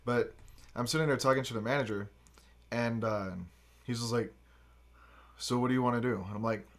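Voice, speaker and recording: A man's voice: mid-range voice, a little fast. A man on a casual podcast, telling a story with lots of swearing and acting out the quotes himself. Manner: animated storyteller, acts out quotes, swears freely. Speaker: podcast host.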